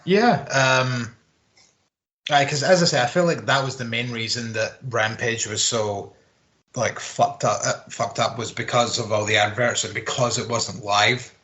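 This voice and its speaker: Young co-host, rambling casual chat, swears freely, echoey room. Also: male voice, mid-range voice, fairly even intonation, bright, forceful tone. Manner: rambling, swears, quick laughs. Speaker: podcast co-host. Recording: roomy home recording.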